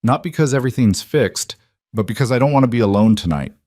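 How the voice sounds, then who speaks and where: A man's voice: mid-range voice, animated, fast talker, a little mellow, dry recording, studio quality, close to an everyday voice. A man voicing a wary, wounded wife. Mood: quiet.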